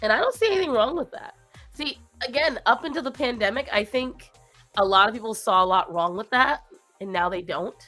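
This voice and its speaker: A woman's voice: on the high side, animated, fairly quick, pushed and bright, faint music behind. Tired woman rambling on a livestream. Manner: rambling, talks to her pets in baby talk between stories. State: tired and low after a long week. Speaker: stream host. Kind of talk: casual chat on a livestream.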